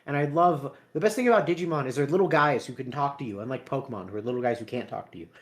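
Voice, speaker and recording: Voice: mid-range voice, rapid-fire. A podcast co-host in casual chat, swearing constantly, rambling and often breaking into laughter.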